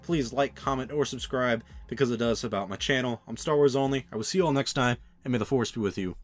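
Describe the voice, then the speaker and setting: A man's voice: medium pitch, fast. A young man hosting his own channel, giving an exasperated, ranting opinion commentary with sarcastic asides. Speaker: channel host.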